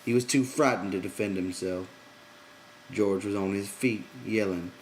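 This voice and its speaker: A man reading a novel aloud in measured audiobook narration. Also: fairly low pitch, poor audio. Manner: measured storytelling. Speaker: reader.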